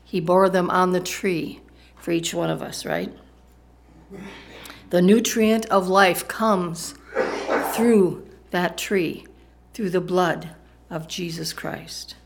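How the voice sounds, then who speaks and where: A woman's voice: fairly low pitch, steady tone, takes it slowly, long pauses, a little hiss or hum. A woman preaching a sermon in a conversational way, often asking the congregation questions.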